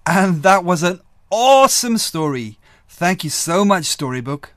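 Chatty, high-voiced man host for a kids' show, ukulele music under. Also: very animated, measured pace. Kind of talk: casual sign-off to children. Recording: over bright ukulele music.

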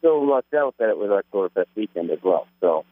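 A man's voice: on the low side, very animated, fairly quick, dry recording. A man calling in to a radio show on his cell phone, easygoing and hesitant. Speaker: caller. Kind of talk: casual phone call. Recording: tinny phone line.

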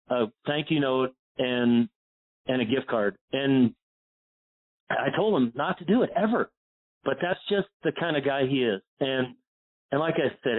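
A golf instructor from Pennsylvania, a man, telling rambling personal stories as an interview guest. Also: medium pitch. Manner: rambling, warm storytelling with many "you know"s. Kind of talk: casual storytelling interview. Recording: phone-like narrow sound.

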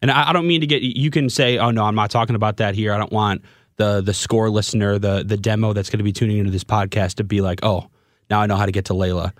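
A man in his twenties hosting a podcast, talking in a halting, stammering way and openly getting emotional in a candid conversation. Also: fairly low pitch, steady tone, no echo, studio quality. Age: 20s. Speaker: podcast host and radio broadcaster.

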